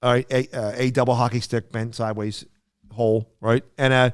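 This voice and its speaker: A middle-aged man co-hosting a podcast, telling stories in a casual, animated way with frequent restarts. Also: mid-range voice, brisk, smooth, no room sound, studio quality. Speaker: podcast co-host. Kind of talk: casual chat.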